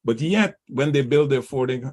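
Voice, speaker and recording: A man hosts a talk show, reading listener emails aloud and playing devil's advocate with his guest. His voice sits at an ordinary middle pitch. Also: lively intonation, fairly quick, darkish tone. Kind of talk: casual talk show chat.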